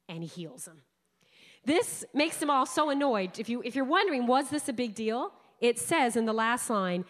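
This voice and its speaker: A woman delivers a sermon in a chatty, emphatic way, her voice sitting a little high. Long reverb from a large hall trails behind her words. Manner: conversational, animated, emphatic. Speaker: preacher.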